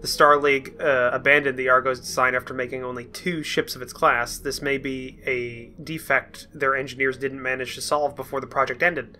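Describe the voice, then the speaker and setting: A man reading the lines of a calm, reasonable male ship doctor in an even, matter-of-fact way. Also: medium pitch, normal speed, few pauses.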